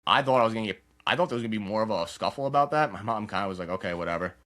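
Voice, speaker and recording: Podcast guest, young man, deep and quick, rambling candid storytelling, acts out quotes. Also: expressive, a bit bright. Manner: rapid, loose storytelling full of "like" and acted-out quotes.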